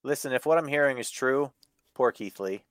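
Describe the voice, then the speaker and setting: A man's voice: medium pitch, moderate pace, dry recording. A man hosting a wrestling review show in loose casual chat. He swears freely and laughs a lot. His voice sits mid-range and sounds dry and close. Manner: profane, animated, laughs often. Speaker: podcast host.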